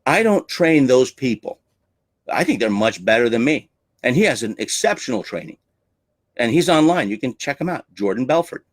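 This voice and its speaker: A man's voice: mid-range voice, big pitch swings, normal speed, no room sound. A man coaching on sales with a theatrical, emphatic way of talking. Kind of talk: teaching talk on selling.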